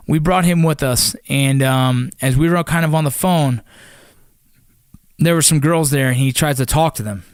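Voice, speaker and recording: A man in his thirties tells a war-buddy story in a loose, swearing, conversational way, stopping and restarting his sentences. His voice sits at an ordinary middle pitch and is recorded dry and close, with no room sound. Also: no room sound. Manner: profane, conversational, frequent fillers and restarts. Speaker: army veteran telling a story. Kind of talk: casual storytelling vlog.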